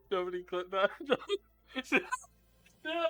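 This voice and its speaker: A man's voice: sits high, sing-song, slow, fairly bright tone. A man streaming a tabletop game, joking around, laughing and talking to his chat. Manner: joking, giggly, talks to chat. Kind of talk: casual live-stream chat.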